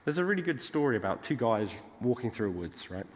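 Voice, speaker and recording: A man's voice: medium pitch, big pitch swings, quick pace. British man talking in a reverberant hall. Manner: chatty, tags lines with "right?". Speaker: conference speaker. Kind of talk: casual conference talk. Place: large conference hall.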